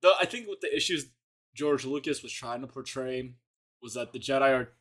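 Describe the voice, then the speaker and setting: Dude cohosting a podcast, bright kinda sharp voice, sarcastic, laid back chat. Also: male voice, mid-range voice, a little fast. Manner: wry, sarcastic commentary. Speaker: podcast co-host. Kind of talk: casual chat.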